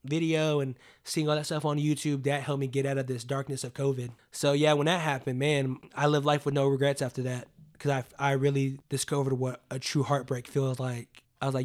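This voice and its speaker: A man's voice: medium pitch, level tone, brisk, hardly any pauses. A young adult man, a podcast guest, telling personal stories in an earnest, casual way, full of "like" and "you know what I mean".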